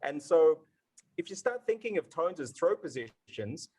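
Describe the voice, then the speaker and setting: A man's voice: on the high side, big pitch swings, normal speed, warm tone, breathy edge, poor audio. A man teaching pronunciation in a live question-and-answer session, enthusiastic and demonstrative, sounding out syllables to show how tones work. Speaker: Mandarin tone instructor answering questions. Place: online event session.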